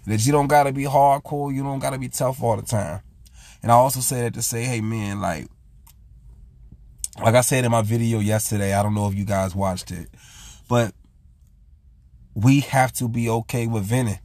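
A man's voice: mid-range voice, steady tone, moderate pace, long pauses, darkish tone, dry recording. A man hosting his own vlog, talking earnestly and casually about raising his son, often retelling what he said with "I said". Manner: earnest, repeats "I said" while retelling talks. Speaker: vlog host. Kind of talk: casual heartfelt monologue.

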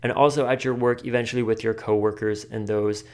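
A man hosting a podcast, giving casual advice in a chatty way, full of "like" and quick laughs. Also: lowish voice, fairly even intonation. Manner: chatty, filler-heavy with frequent "like", laughs often. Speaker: podcast host.

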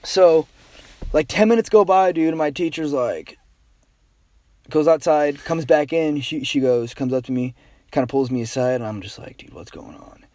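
Lively young man telling a story. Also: fairly high pitch, moderate pace, dry recording. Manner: animated, swearing, says dude a lot. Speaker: storyteller guest. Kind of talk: casual chat, telling an anecdote.

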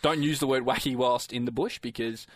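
A man's voice: medium pitch, steady tone, brisk. A young Australian man co-hosting a show, bantering and teasing his co-host in a casual, jokey way. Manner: jokey, teasing, half-sings song lines. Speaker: radio co-host. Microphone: studio microphone.

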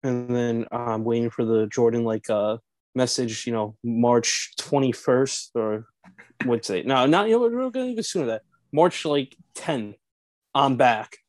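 A young man with a mid-range voice, co-hosting a sports podcast in a measured, casual manner. He poses questions and then answers them himself. The recording is dry and close. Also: medium pitch, expressive, a little mellow, no room sound. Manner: measured, hedging, asks and answers his own questions. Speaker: podcast co-host.

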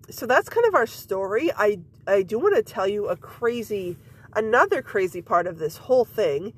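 A woman podcast host with a stuffy nose and scratchy throat, chatting casually and rambling with lots of fillers. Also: mid-range voice. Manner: rambling, many fillers and repeats. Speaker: podcast host and mom coach. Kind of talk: casual personal chat.

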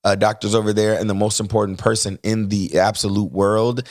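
A man tells a family story in a casual chat and acts out the other people in it with lively voices. His voice sits low, and the sound is dry and close to the microphone. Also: a little fast, no echo. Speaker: co-host telling a family story.

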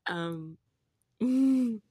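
A woman's voice: fairly high pitch, expressive, extremely slow, mellow, slightly rough. A young woman vlogging in a casual, confessional way, gushing and giggly, with a slangy manner. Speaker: faith vlogger.

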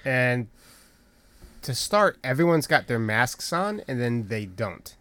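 A man's voice: mid-range voice, big pitch swings, slow, fairly bright tone, no room sound. Wry man chatting on a podcast. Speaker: podcast co-host. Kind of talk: casual chat.

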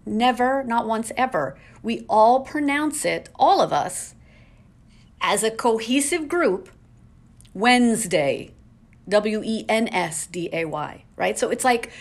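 A woman hosting a casual solo podcast from home, ranting in an exasperated way with lots of rhetorical questions. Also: on the high side. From New England. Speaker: podcast host.

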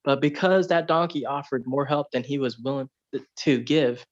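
A man's voice: mid-range voice, steady tone, moderate pace, dull audio. A man on a podcast, chatting loosely and telling a fable, with plenty of "like" and "you know". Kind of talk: casual chat, storytelling.

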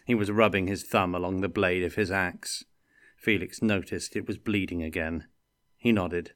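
A man reading a fantasy story aloud in a measured, deliberate way. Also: low-pitched, fairly even intonation, a bit bright, no echo, studio quality. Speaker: reader.

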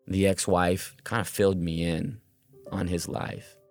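Low-voiced guy telling his own story, kinda halting, music playing under him. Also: fairly even intonation. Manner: earnest, halting retelling with restarts. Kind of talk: personal story narration.

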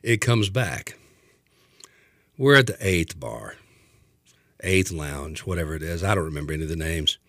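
A man telling a comic story in an animated way, acting out the voices of the people in it. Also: low voice, normal speed, long pauses, dry recording, clean studio sound. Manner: animated, acts out voices, laughs a lot.

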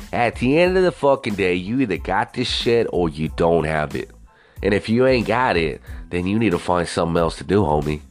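A young man hosting a podcast, ranting casually with lots of swearing and rambling asides. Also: fairly low pitch. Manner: profane, rambling, animated. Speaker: podcast host. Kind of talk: casual solo podcast rant.

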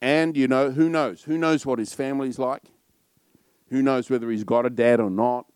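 A middle-aged man with an Australian accent, a pastor preaching a sermon in a loud, warm storytelling manner. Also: medium pitch, fairly even intonation, normal speed, clean tone, dry recording.

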